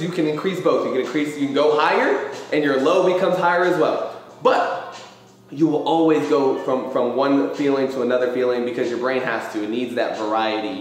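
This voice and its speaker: A man hosting a live question-and-answer show, talking in a loose, animated way about feelings and life and swearing casually. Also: fairly high pitch. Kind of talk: casual motivational chat. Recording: very echoey room.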